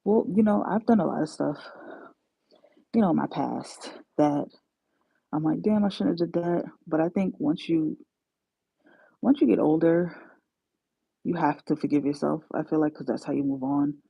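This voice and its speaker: Gravelly-voiced New woman chatting. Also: low-pitched, normal speed, pauses often, warm tone, dry recording. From New York. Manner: chatty, slangy, self-mocking, laughs often. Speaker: travel nursing aide, livestream host. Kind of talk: casual livestream chat. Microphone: phone. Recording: dull lo-fi phone audio.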